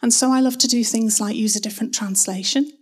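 A woman giving a soft, reflective sermon in a church, dwelling slowly on each word of a verse. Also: a little high, fairly even intonation, husky. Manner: soft, reflective, lingers on words. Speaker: church speaker. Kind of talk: sermon with prayer.

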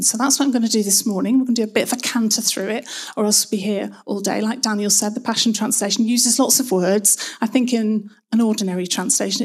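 Husky-voiced woman preaching softly. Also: mid-range voice. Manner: soft, reflective, lingers on words. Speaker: church speaker. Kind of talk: sermon with prayer. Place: church.

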